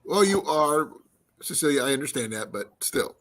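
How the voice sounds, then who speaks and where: A man hosting a relaxed livestream chat, his voice swinging up and down with lively pitch. He talks casually, jokes with his guests and sometimes gropes for a word mid-sentence. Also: normal speed, slight background noise. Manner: joking, searching for words. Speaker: livestream host.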